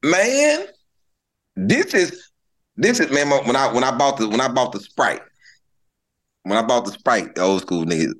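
A man's voice: mid-range voice, measured pace, long pauses. Middle-aged guy comedian chatting, slangy, repeats himself, laughs a lot, voice swings up and down. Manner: animated storyteller, slangy, repeats words, laughs often. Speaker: comedian guest. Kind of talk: casual storytelling chat.

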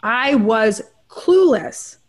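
A woman's voice: fairly high pitch, expressive, extremely slow. Candid middle-aged woman telling her story. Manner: earnest and candid, often adds "right?". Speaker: guest, trauma researcher and professor. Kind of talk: personal storytelling in an interview.

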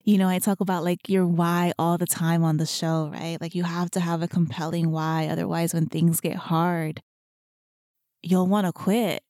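A woman's voice: fairly low pitch, little pitch movement, normal speed, mellow, no echo, studio quality. A woman hosting her own fitness podcast, talking earnestly and heartfelt, casual with many asides. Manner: earnest, heartfelt, chatty with frequent "you know". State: emotional, near tears. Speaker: podcast host and fitness coach. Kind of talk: casual solo podcast talk. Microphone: studio podcast microphone.

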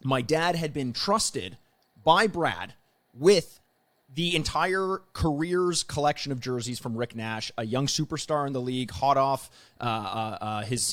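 Male podcast host, middle-pitched, chatty and teasing, casual conversational delivery. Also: a bit bright. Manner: chatty, joking, quick asides.

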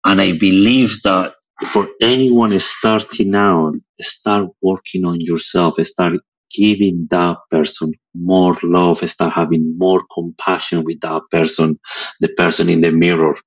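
A man's voice: low voice, measured pace, poor audio. A male photographer chatting as a guest on a live audio show, speaking expressively and leaning often on "it's like". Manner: expressive, with many filler "it's like" phrases. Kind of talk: casual conversation on a live audio chat. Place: lives in England.

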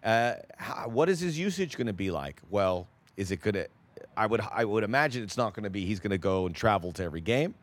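A man's voice: fairly low pitch, expressive, quick pace. A man co-hosting a casual sports podcast, talking through a signing in a conversational way.

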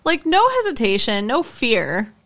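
A woman's voice: on the high side, very animated, measured pace, a bit bright. A woman co-hosting a podcast, talking in a casual recap chat, agreeable and chatty, laughing often. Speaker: podcast co-host.

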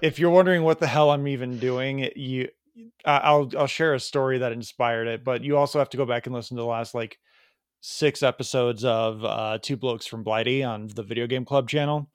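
Rambling Chicago-accented podcast host. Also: male voice, medium pitch, fairly even intonation, fairly quick, smooth, no echo, studio quality. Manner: rambling storyteller, laughs at himself. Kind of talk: casual chat.

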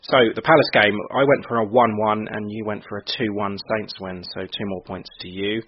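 A man hosting a casual football podcast, upbeat and quick to laugh as he runs through prediction scores. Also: lowish voice, steady tone, slightly rough. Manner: upbeat, laughs often, reads out league scores. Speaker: podcast host. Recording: dull lo-fi audio.

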